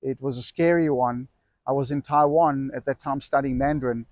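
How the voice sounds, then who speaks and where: A man's voice: medium pitch, steady tone, moderate pace, dry recording, highs cut off. A middle-aged man who runs an e-bike shop, telling a personal story casually to camera, rambling and correcting himself as he goes. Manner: rambling, self-correcting anecdote with acted quotes.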